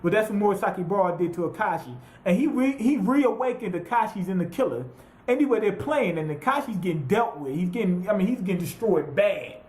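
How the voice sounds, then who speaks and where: Profane, rambling high-voiced man. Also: brisk, roomy sound. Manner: profane, rambling, animated retelling with quoted voices. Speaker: anime reviewer. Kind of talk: casual recap monologue.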